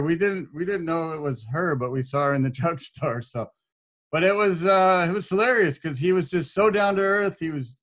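A man, a podcast guest, telling a story in a casual, animated way, laughing often and acting out what people said. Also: a little high. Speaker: podcast guest, corporate speaker.

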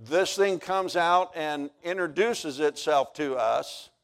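A man preaching at a camp service, telling folksy stories that build to near-shouts. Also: a little high, slow pace, creaky. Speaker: pastor. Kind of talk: storytelling sermon.

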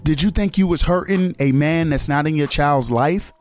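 A man's voice: on the high side, moderate pace, soft background music. A man hosting a radio show who gives a blunt, profane commentary on a video clip and keeps firing rhetorical questions at the listeners.

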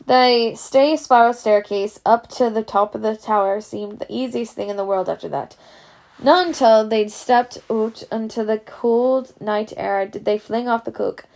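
A woman reads a children's storybook aloud. Her delivery is casual and unpolished, and her voice sits fairly high. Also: creaky, a little mellow. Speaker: reader.

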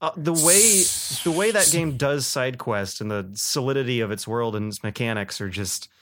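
A man co-hosting a casual games podcast, telling stories with lively bursts of excitement and frequent laughter. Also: mid-range voice, moderate pace. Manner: animated storyteller, laughs often. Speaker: podcast co-host. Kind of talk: casual chat about games.

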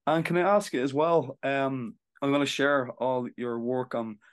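A podcast host with a mid-pitched voice runs a casual interview. The host offers frequent short acknowledgements and asks questions in a loose, conversational way. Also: a little slow.

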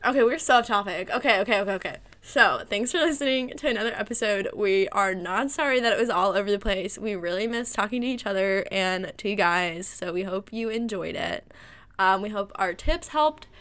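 A woman's voice: medium pitch, a little fast, a bit bright. A young woman co-hosting a podcast, chatting casually, giggly and self-mocking. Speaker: podcast co-host. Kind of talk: casual chat.

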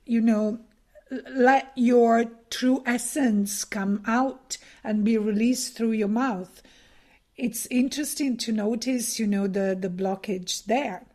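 Woman, higher pitch, slow measured pace, thoughtful casual chat. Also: fairly even intonation, a little mellow. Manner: measured, thoughtful, with many fillers. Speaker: workshop leader, former conference interpreter. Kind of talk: casual conversation.

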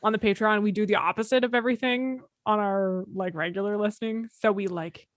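A woman's voice: mid-range voice, fairly even intonation, a little fast. Giggly, swearing young woman co-host. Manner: swears freely, giggly, rambling. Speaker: podcast co-host. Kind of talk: casual chat.

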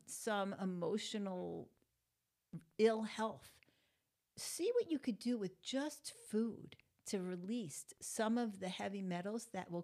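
A woman's voice: medium pitch, a bit bright. A woman hosting her own talk show, chatting casually and ranting bluntly, swearing freely as her exasperation builds. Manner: conversational, chatty with fillers. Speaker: podcast host. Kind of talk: casual monologue rant.

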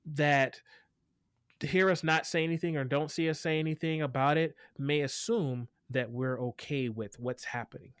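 A man answering an interviewer's questions as an equity educator, earnest and animated, often restarting his sentences. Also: on the high side, moderate pace, dry recording, clean studio sound. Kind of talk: interview conversation.

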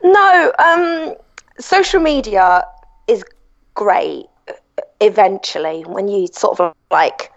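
A woman's voice: mid-range voice, lively intonation, takes it slowly, dull audio. A woman speaking bluntly as a guest in a casual interview, swearing freely, over a call. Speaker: guest blogger.

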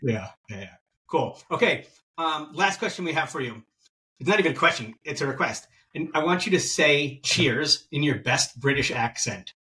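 A man hosting a casual podcast interview, easygoing and full of quick filler affirmations. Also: a little high, lively intonation, bright, forceful tone, distant mic. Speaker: podcast host.

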